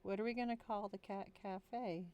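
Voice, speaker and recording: A woman's voice: medium pitch, fairly even intonation, normal speed, mellow, smooth. A tired woman streaming a worldbuilding session, chatting casually, giggling often and talking to her pets.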